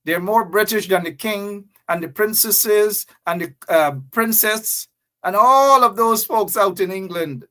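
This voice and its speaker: A man's voice: high voice, a little slow, pushed and bright. A man with a Guyanese accent hosting a live talk show, chatting to viewers in a sarcastic, joking way.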